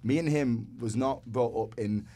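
A man's voice: medium pitch, moderate pace, warm tone. A man in casual podcast conversation as a guest dancer, earnest and reflective. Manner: earnest, reflective, talks in a rush.

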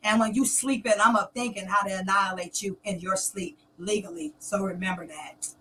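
Middle-aged woman, confrontational vlogger, bright and punchy tone. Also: medium pitch, steady tone, fairly quick, a little hiss or hum. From Columbus, Georgia, US. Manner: confrontational and defiant, taunting. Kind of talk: direct-to-camera rant.

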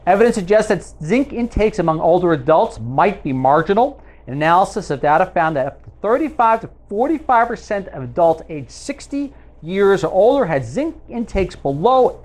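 Male presenter of a health video; reads study text with lively rises and falls, loose conversational asides. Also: fairly high pitch. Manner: conversational, self-correcting asides. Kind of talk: reading and commenting on a research summary.

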